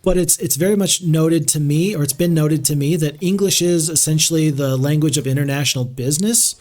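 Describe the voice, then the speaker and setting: Guy streaming a strategy game, kinda high voice, rambly chat, reading comments, lots of ums. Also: a little fast, darkish tone. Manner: rambling, reads chat aloud, many fillers and restarts. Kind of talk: casual gameplay stream chat.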